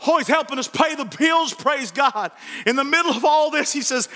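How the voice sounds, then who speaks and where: A man preaching a sermon in a church, animated and joking, often repeating his words. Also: very high-pitched, moderate pace, long reverb tail. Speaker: pastor.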